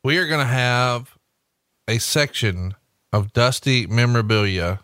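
A man's voice: mid-range voice, lively intonation, a little slow, fairly bright tone, clean tone, no room sound, clean studio sound. A man hosting a casual podcast, enthusiastic and full of "like" and "I mean". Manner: enthusiastic, listing things, filler "like".

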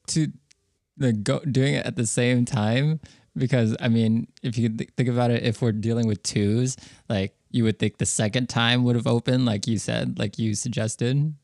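A man's voice: mid-range voice, steady tone, moderate pace, creaky, darkish tone, dry recording, studio quality. A young man playing a tabletop game, chatting and laughing in casual banter. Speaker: player.

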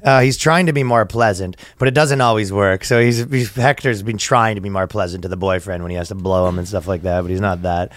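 A man's voice: lowish voice, fairly quick, hardly any pauses, dry recording, clean studio sound. A man co-hosting a comedy podcast, chatting casually and slipping into silly character voices. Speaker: podcast co-host.

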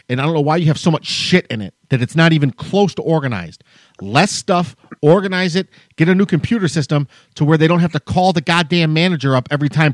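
A man's voice: fairly high pitch, dry recording, studio quality. A man co-hosting a podcast, telling a long story as a heated, profane rant. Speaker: podcast co-host. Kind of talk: casual chat, storytelling rant.

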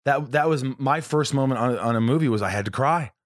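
A man's voice: medium pitch, fast talker, no room sound, clean studio sound. A man and actor chatting casually, telling a story and acting out the people he quotes. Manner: chatty, acts out quoted voices. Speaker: actor, podcast co-host. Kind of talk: casual conversation.

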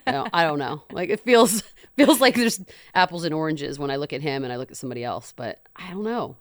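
A woman co-hosting a casual sports talk show, animated and joking, often laughing. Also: low-pitched, a little fast, no room sound, studio quality. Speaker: podcast co-host.

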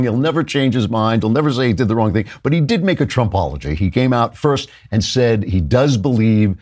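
A male talk show host giving political commentary in a conversational, animated way, often chuckling as he talks. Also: medium pitch, brisk, slightly rough.

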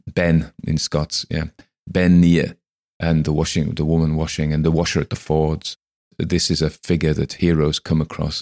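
A man's voice: very deep voice, vocal fry, a little mellow. A man hosting a podcast, talking through a story he read in a rambling, reflective way, with many fillers and restarts. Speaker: podcast host. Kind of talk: casual spoken commentary on a story.

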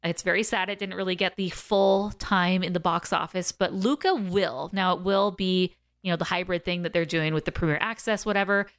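A woman in her thirties co-hosting a film podcast, chatting casually, animated and laughing often. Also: fairly low pitch, fairly quick, few pauses, smooth. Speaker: podcast co-host, film reviewer. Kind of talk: casual film review chat.

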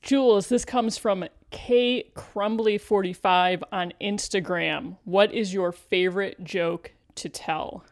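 A woman's voice: medium pitch, steady tone, slow, hardly any pauses. A woman co-hosting a podcast in casual chat, a supportive listener with a dry sense of humor who reads out listener questions. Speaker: podcast co-host.

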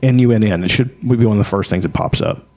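A man's voice: on the low side, fast talker. Blunt, profane man. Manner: blunt, profane, animated storytelling. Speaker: podcast co-host. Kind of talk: casual chat.

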